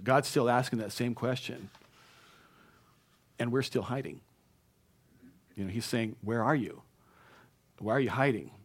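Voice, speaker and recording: A man preaching a sermon in a conversational way, stumbling into restarts and rising into emphatic bursts. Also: mid-range voice. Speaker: pastor.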